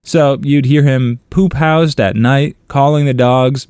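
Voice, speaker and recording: A man's voice: takes it slowly, clean tone, no echo, studio quality. A man narrating online comments aloud for a story channel, in a playful, amused reading. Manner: playful, amused reading with lively pitch swings.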